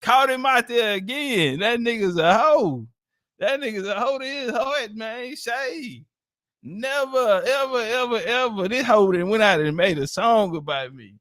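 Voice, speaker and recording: A man's voice: extremely high pitch, animated, unhurried, a bit bright, dry recording, clean studio sound. A man giving casual, profane commentary on clips, laughing and mocking as he talks. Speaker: online commentator.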